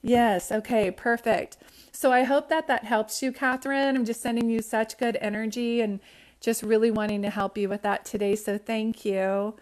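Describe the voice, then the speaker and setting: A woman's voice: a little high, steady tone, moderate pace. Chatty woman doing a live psychic reading. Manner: warm, chatty, affectionate pet names; rambling with fillers and restarts. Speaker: psychic medium hosting a live stream. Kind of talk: casual live-stream reading.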